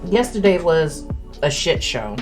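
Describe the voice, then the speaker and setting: Woman streamer, low-ish register, candid eating-stream chat, chewing audible, close mic. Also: sing-song, unhurried. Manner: chewing between words, candid and rambling. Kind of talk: casual chat while eating. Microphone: close desk mic. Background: faint music.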